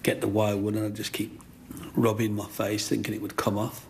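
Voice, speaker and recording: An older man, a guest in an interview, telling his life story with lively acted-out quotes. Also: on the low side, brisk, vocal fry, a little hiss or hum. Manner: animated storyteller acting out quoted voices.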